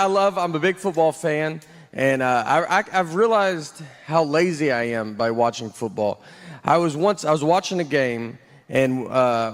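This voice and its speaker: A man from Nashville doing a stand-up set, deadpan and rambling, with many fillers and restarts. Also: a little high. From Nashville, Tennessee. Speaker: stand-up comedian.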